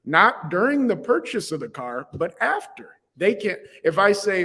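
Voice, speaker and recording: An earnest, reflective man in a podcast conversation, his voice fairly high for a man. It carries a long reverb tail, as if he were recorded in a reverberant space. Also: sing-song, unhurried, hardly any pauses, pushed and bright, breathy edge. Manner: earnest and reflective, speaks from the heart. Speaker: podcast guest.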